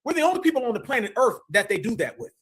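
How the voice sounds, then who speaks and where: High, bright-voiced male streamer with an African American Vernacular English accent, emphatic and preachy. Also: big pitch swings, very fast, husky. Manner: preachy, emphatic, addresses viewers as fam. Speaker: commentary streamer. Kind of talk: impassioned streaming commentary.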